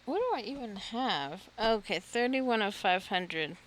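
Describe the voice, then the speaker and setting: Female streamer, self-deprecating gameplay chatter, lively pitch that jumps around. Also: unhurried, a little hiss or hum. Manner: self-deprecating, muttering to herself, nervous laughter. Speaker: gaming streamer. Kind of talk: casual gameplay commentary.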